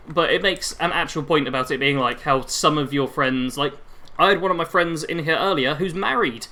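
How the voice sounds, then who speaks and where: A man's voice: fairly high pitch, brisk, sharp tone. A man in his twenties chatting casually with his viewers while playing a game, rambling and reacting to the action mid-sentence. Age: 20s. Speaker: gaming livestreamer.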